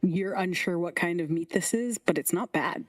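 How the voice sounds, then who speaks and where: A woman's voice: on the low side, moderate pace, dry recording. A playful woman narrates a tabletop game as game master, giggling between lines. The sound is dry and close, with faint music playing underneath. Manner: playful, giggly, switches into character voices.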